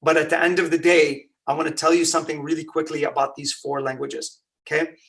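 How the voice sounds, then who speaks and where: A man delivers a lively, conversational religious talk, often throwing rhetorical questions at the room. His voice sits on the higher side for a man. He sounds a little off-mic, as if standing back from it. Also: brisk, recorded from a distance. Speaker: religious lecturer. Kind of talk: Ramadan lecture.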